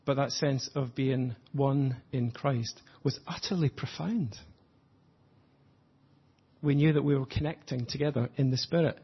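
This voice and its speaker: A man preaching an earnest, reflective sermon, slowing down to stress his points. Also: medium pitch, fairly even intonation, breathy edge, highs cut off. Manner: earnest, reflective, slows for emphasis.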